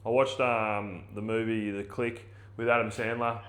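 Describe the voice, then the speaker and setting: Australian male podcast host, middle-aged, bright and excitable, casual chat with swearing. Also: on the low side, normal speed.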